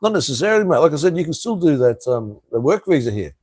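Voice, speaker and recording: A man's voice: fairly high pitch, very animated, fast talker, a little mellow, breathy edge, dry recording. Blunt, swearing Australian man in his fifties. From Australia (Tasmania). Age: 50s. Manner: blunt, swears freely, chuckles between remarks. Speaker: live stream host. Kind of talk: casual live chat reading viewer comments.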